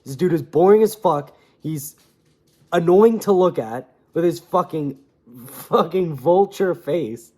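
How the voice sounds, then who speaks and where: A young man giving casual, opinionated fight commentary, animated and swearing freely. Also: a little high. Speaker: MMA commentator.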